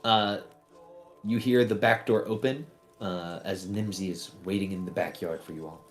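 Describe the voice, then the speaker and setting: A man narrating a tabletop game as game master, relaxed and full of fillers. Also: deep voice, normal speed, faint music behind.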